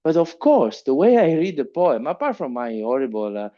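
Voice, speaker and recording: A middle-aged man with an Italian accent giving a keynote lecture, halting with frequent fillers and restarts. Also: fairly high pitch, sing-song, lo-fi sound. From Italy. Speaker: keynote speaker. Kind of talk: conference lecture. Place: conference hall.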